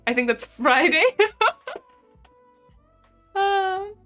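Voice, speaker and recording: A woman's voice: fairly high pitch, lively intonation, normal speed, pauses often, a bit bright, soft background music. Giggly young woman with a lisp. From United States. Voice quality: lisp, speech impediment. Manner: chatty, giggly, says "like" often. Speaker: live-stream host. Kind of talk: casual chat reading viewer comments.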